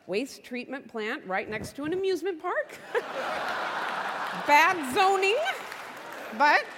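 A middle-aged woman telling a comic personal story on stage to a live audience, with animated, wry asides. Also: high voice, slow, crowd noise, background noise. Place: large conference hall on stage, live audience. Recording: live hall recording with reverb and audience.

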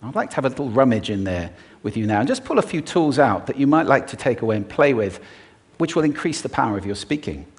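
Animated man giving a stage talk. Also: mid-range voice, fast. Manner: expressive, demonstrates with his voice. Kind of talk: live public talk. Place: stage before an audience.

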